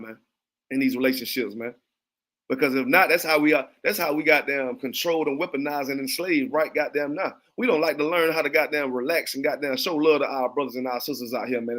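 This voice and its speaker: A man's voice: mid-range voice, fairly bright tone. A man, teaching a religious class in a blunt, profane preaching style, often asking if the listener understands. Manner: blunt, repetitive, keeps asking "you understand me".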